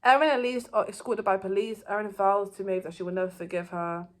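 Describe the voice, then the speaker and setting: A woman's voice: medium pitch, fairly even intonation, quick pace. A woman giving a casual, rambling recap of a TV season, with loose phrasing and frequent restarts. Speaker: TV show reviewer.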